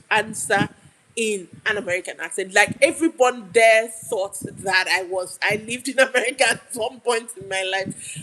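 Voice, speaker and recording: A woman's voice: a little high, sharp tone, low-quality recording. A Nigerian woman telling a story in a casual livestream, chatty and laughing, often restarting her sentences. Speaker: YouTube live streamer.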